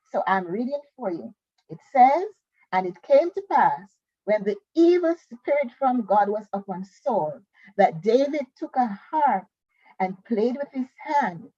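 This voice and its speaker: A woman teaching a Bible school lesson, reading scripture and worksheet questions slowly and carefully. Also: mid-range voice, darkish tone, husky, no room sound, dull audio.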